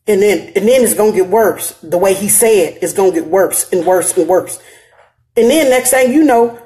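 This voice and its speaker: A woman's voice: mid-range voice, lively intonation, normal speed, mellow. A middle-aged woman with an African American Vernacular English accent, hosting a live stream and giving earnest advice straight to her viewers, emphatic and repeating her phrases.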